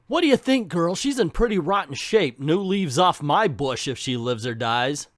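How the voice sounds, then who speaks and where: A sly, languid plant villainess from a comic book, speaking a little higher than an everyday man's voice, as a man reads her lines. The recording is dry and close. She drawls with cool, teasing ease. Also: animated, moderate pace, no room sound, close to an everyday voice.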